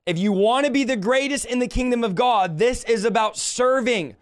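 Man, preacher, livestream sermon, high voice, smooth and clear, emphatic, impassioned. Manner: impassioned, emphatic, rises in pitch on rebukes; slows to drawn-out delivery when quoting scripture.

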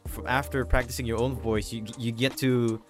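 A man's voice: mid-range voice, flat delivery, moderate pace, soft background music. A man hosting a casual chat, explaining things in a loose, rambling way. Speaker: podcast host.

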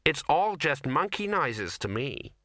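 A man's voice: fairly high pitch, sing-song, a little slow, bright, forceful tone, no echo, studio quality, exaggerated voice. A man voicing a shaken young actress who is tired and stubborn, speaking in an exasperated, pleading way.

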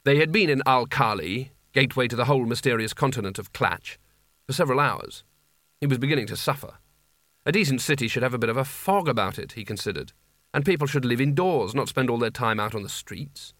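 Casting: measured, wry male audiobook narrator, mid-range pitch, dry studio sound. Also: fairly bright tone, no room sound. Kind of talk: scripted narration.

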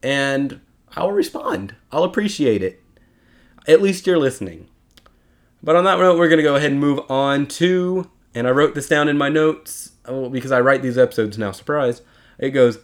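A man's voice: mid-range voice, normal speed. A young man hosting a casual solo podcast, rambling and chatty with self-mocking asides. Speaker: podcast host.

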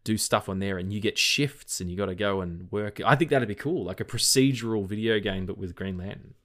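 This Australian man co-hosts a film podcast, sounding worn out as he rambles through casual chat with frequent restarts and swearing. His lowish voice is brisk with a fairly bright tone.

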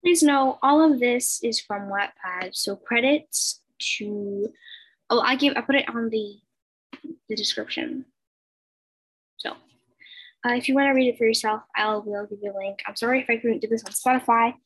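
Brief: teen girl, breathy and fairly high, hesitant casual reader of fan fiction, laptop mic at home. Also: moderate pace, poor audio. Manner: hesitant, stumbling, many fillers. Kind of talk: casual reading of a fan story. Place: bedroom at home. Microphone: laptop over a video call.

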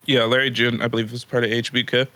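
A man's voice: mid-range voice, little pitch movement, fast talker, pushed and bright, no echo. A man co-hosting a casual comedy podcast, laughing often and swearing freely as he retells stories. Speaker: podcast co-host.

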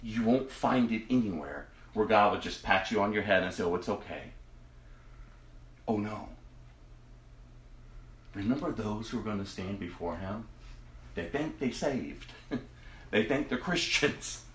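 A man preaching a sermon to his congregation, impassioned and dramatic, dropping to a hush and then rising to a loud cry. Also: on the low side, lively intonation, normal speed, roomy sound. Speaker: pastor.

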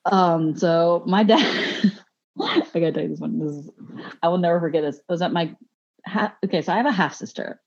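A woman's voice: fairly low pitch, brisk, lo-fi sound. A woman telling stories as a podcast guest, rambling with fillers and laughing often. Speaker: podcast guest, gym teacher. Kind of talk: casual chat, storytelling.

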